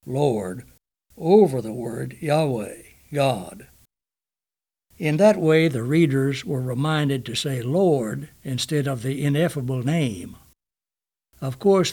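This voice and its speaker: Slow, measured man reading scripture study. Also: medium pitch, a little mellow, breathy edge.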